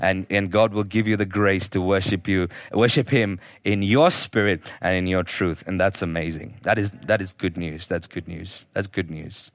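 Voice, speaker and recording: Pastor, conversational sermon. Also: male voice, sits low, steady tone, moderate pace, hardly any pauses, no echo. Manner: conversational preaching, swings from emphatic to quiet and intimate; acts out quoted voices in the congregation's head. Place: church service.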